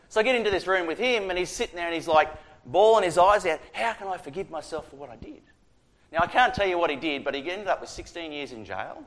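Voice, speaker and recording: Australian man telling a chaplaincy story. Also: high-pitched. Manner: conversational, animated retelling with quoted dialogue. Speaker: prison chaplain. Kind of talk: storytelling testimony.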